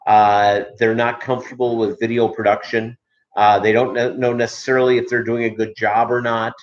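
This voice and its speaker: A man's voice: medium pitch, little pitch movement, normal speed, dull audio. A man from Minnesota hosting a casual livestream chat, rambling with many filler ums and uhs. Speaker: livestream host.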